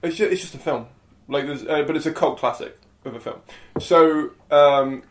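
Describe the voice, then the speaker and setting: A young man, a comedian hosting, chatting quickly and breaking off his own sentences. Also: fairly high pitch, roomy sound. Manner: chatty, quick, self-interrupting. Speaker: comedian host. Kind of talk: casual conversation.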